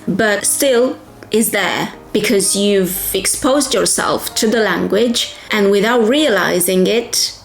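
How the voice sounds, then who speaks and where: A woman teaching English, speaking slowly and deliberately and repeating phrases for learners to say after her. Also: medium pitch, vocal fry, reverberant. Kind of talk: pronunciation drill lesson.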